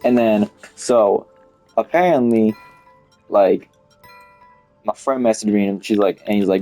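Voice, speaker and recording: A man's voice: fairly low pitch, unhurried, pauses often, warm tone, faint music behind. A young man telling a story in a rambling, casual way, with lots of swearing and filler "like". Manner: rambling, swears a lot, heavy use of "like". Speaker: vlogger.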